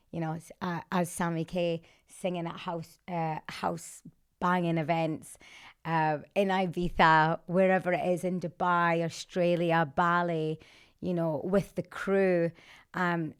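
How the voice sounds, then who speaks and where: Brief: lower-voiced woman in her thirties, energetic podcast guest, inspirational, laughs easily. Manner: enthusiastic, quick to laugh, inspirational. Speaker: podcast guest, singer and fitness coach. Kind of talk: casual podcast conversation.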